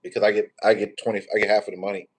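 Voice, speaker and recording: A man's voice: on the low side, level tone, racing, husky. A man, hosting a tarot livestream in rambling, profane, joking casual chat.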